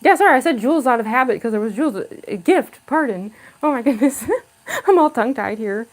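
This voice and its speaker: A woman's voice: on the high side, big pitch swings, a little fast, low-quality recording. A young woman chatting casually with viewers on a home livestream, giggly and chatty, talking into a camera on a tripod. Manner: giggly, chatty, coos baby talk to her cat. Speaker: livestreaming cosplayer. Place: home room.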